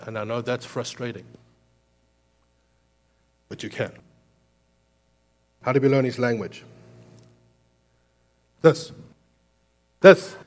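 A medium-pitched pastor preaches a sermon, alternating between emphatic, raised lines and quiet, earnest explanation.

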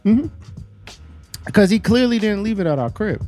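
A man's voice: high voice, animated, moderate pace, a little mellow, faint music behind. A man telling a long, profane story in casual chat among friends.

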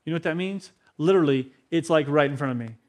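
A man's voice: fairly high pitch, quick pace, a little mellow. A man in his thirties, a pastor, preaching a conversational sermon to a congregation and asking the room questions. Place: church hall with a congregation.

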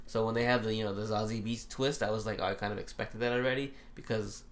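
A young man chatting casually about a movie, animated, quick to laugh and swear. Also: lowish voice. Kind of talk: casual chat.

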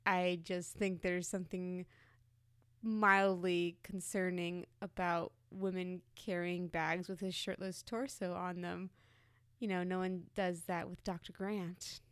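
A woman co-hosting a podcast with her husband, talking in a wry, sarcastic, quick-witted way. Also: on the low side, fairly even intonation, clear, resonant tone, no room sound, studio quality. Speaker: podcast co-host. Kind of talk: casual chat.

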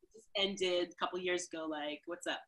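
A woman from New York, a dancer and podcast guest, telling lively stories in casual conversation and acting out the people she quotes. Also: brisk. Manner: animated, acts out quotes with big jumps in pitch. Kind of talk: casual storytelling interview.

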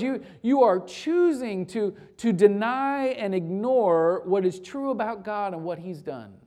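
Emphatic man preaching a sermon. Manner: emphatic, with rhetorical questions and repeated phrases; swings from loud urgent peaks to low quiet lines. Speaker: pastor.

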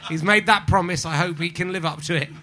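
A man's voice: high-pitched, fast, bright, forceful tone. A man hosting a live comedy podcast, rambling and self-mocking in front of an audience. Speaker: podcast host.

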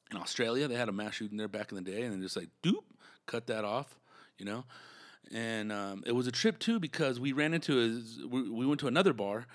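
Man, comedian, from Southern California, casual story chat, slangy, lots of fillers, mid pitch. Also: fairly bright tone. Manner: laid-back slangy storytelling with many fillers.

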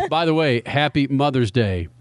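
A man hosting a radio show, talking loud and enthusiastic, with frequent laughs. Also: mid-range voice. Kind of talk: casual radio talk.

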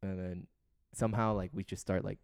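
A man's voice: low-pitched, flat delivery, a little fast, creaky, a little mellow, smooth, dry recording, studio quality. A young man co-hosting a podcast, telling a long story in a loose, rambling way full of fillers and swearing. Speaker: podcast co-host. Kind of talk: casual chat.

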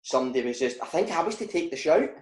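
A man's voice: on the high side, quick pace, reverberant, poor audio. A man with a Scottish accent, a footballer guest telling stories in a casual chat and laughing often. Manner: laughs often, animated anecdotes. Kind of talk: casual storytelling.

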